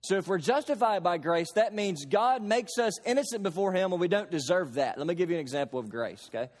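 A man from Kentucky delivering a sermon with slow, stressed phrases and plain homely examples. His voice sits fairly high for a man. The reverb of a long hall trails after each line. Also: lively intonation. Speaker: pastor.

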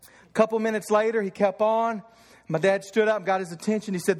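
Pastor, man, thirties, from Kentucky; fervent sermon with stories, high voice, echoing church hall. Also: fairly even intonation, fairly quick. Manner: fervent preaching with storytelling.

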